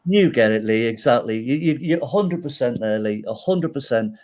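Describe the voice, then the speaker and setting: Middle-aged male guest, medium pitch, lively storyteller who acts out dialogue and keeps checking in with the host. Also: moderate pace. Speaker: podcast guest. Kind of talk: storytelling in an interview.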